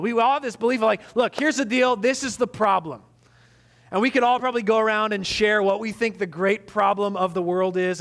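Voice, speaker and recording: A man's voice: high voice, fairly bright tone. A man in his thirties, a pastor giving a casual, conversational sermon with self-deprecating stories and lots of fillers.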